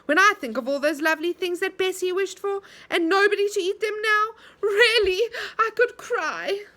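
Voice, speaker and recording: A woman's voice: extremely high pitch, moderate pace, sharp tone, pitched above the performer's own voice. A woman voicing Joe, a bossy boy in a storybook who complains indignantly.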